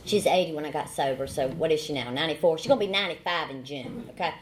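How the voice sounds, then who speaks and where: A woman's voice: sits low, animated, fast, slight background noise. Folksy Southern woman telling her story. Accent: Southern American. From Southern United States. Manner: folksy storytelling with repeated phrases and dry humor. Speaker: AA speaker. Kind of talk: recovery testimony talk.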